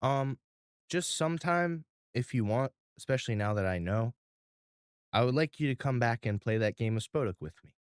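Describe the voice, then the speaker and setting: A man's voice: medium pitch, animated, normal speed, clear, resonant tone, dry recording, studio quality, close to an everyday voice. A man voicing a shy, sweet little boy in a tabletop game, speaking hesitantly with many ums.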